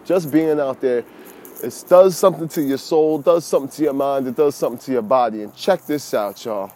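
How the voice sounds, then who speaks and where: Lively, preachy man with a mellow voice. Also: mid-range voice, a little fast. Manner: lively, preachy, addresses listeners as y'all. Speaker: fishing podcaster. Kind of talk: casual monologue.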